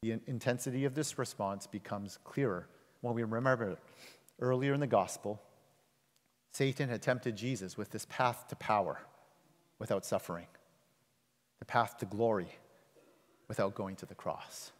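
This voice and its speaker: A male pastor preaching a sermon with emphatic delivery, surging loud and high, then dropping low and quiet. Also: moderate pace, long pauses. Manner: emphatic, swings between loud rises and soft low drops. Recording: long reverb of a large hall.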